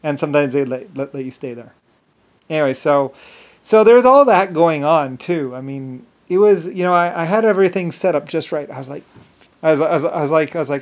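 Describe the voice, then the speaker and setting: Rambling, boastful man, fairly high voice. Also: expressive. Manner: halting, many restarts and fillers; boastful, grandiose. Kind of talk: rambling monologue.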